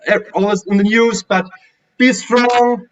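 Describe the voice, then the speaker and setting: German-accented man, high-ish voice, hesitant casual chat, distant lo-fi call audio. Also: fairly even intonation, a little slow. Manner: hesitant, many fillers and restarts. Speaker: guest streamer.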